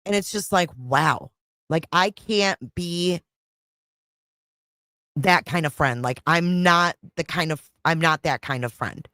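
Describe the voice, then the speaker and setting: A woman's voice: deep voice, slow, pushed and bright, no echo, clean studio sound. A middle-aged woman hosting a casual livestream chat, frustrated and rambling, repeating herself and swearing. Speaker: livestream host.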